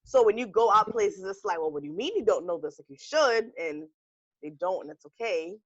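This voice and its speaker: A woman's voice: mid-range voice, a little fast, no echo, lo-fi sound. A woman from Charleston with a Charleston accent, co-hosting a casual podcast and acting out conversations as she tells stories. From Charleston, South Carolina. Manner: lively, quotes people in her stories. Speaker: podcast co-host. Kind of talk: casual chat.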